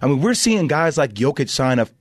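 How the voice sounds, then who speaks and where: Animated man talking sports on radio. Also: mid-range voice, fairly quick, no room sound, clean studio sound. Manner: animated, emphatic, talks over others. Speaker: studio guest. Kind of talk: casual sports radio chat. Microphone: studio mic.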